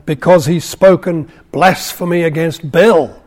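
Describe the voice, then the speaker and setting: A man reading aloud the lines of a stern, hot-tempered ancient king, with loud, emphatic declarations. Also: a little high, a little slow. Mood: commanding. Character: stern ancient male king, quick to anger.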